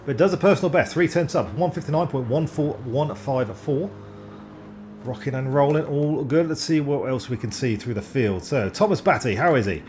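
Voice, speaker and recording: A man giving live sim racing commentary, excitable and self-deprecating, often stumbling over driver names. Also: mid-range voice, normal speed, slight background noise.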